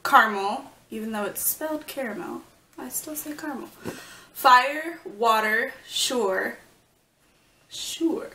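Young female guest, slow bright voice, playful; echoey room, mic a bit away. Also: sits high, distant mic. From Northern California. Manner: laughs at herself, playful. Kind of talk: casual chat.

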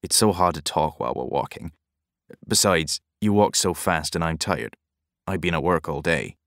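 Man voicing a worn-out old fisherman, soft mumble, slow, very low voice, storybook reading. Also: animated, dry recording, studio quality. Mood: weary. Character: tired old grey-haired local fisherman, slow, mumbling.

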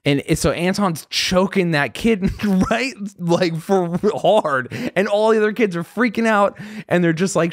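A young adult man, a guest comedian, telling a story in casual chat, animated and swearing freely as he acts out voices. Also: high voice, moderate pace, dry recording, clean studio sound.

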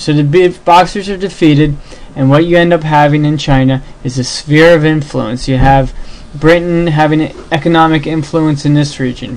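A man's voice: a little high, low-quality recording. Rambling male history teacher. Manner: loose, filler-heavy, restarts often. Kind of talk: casual classroom lecture over slides.

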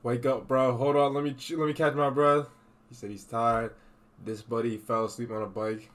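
A man's voice: mid-range voice, brisk. A young man streaming casual reaction commentary, swearing freely and laughing as he talks. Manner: profane, laughing, excitable.

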